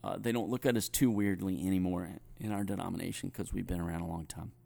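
A man from North Carolina with a softened Southern accent, a pastor chatting thoughtfully and often restarting his sentences. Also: low-pitched, steady tone, fast talker, creaky. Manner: thoughtful, restarts often, chuckles while telling stories. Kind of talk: conversational podcast chat.

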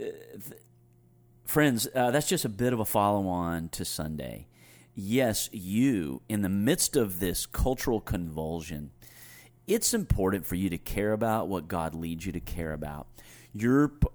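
A man speaking as a pastor, earnestly exhorting listeners and reading scripture slowly. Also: fairly low pitch, darkish tone. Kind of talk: pastoral talk closing in prayerful exhortation.

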